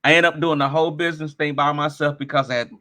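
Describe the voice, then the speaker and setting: Animated storytelling man, bright voice. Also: a little high, fast. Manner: animated, acts out other people's lines. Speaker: interview guest. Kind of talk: casual storytelling.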